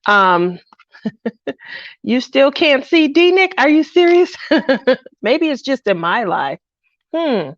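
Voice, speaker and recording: Sounding low and lonely, a middle-aged craft streamer chats slowly in a sing-song, medium-pitched voice, wandering between thoughts and naming her viewers. The home mic is dry and a little muffled, with no echo.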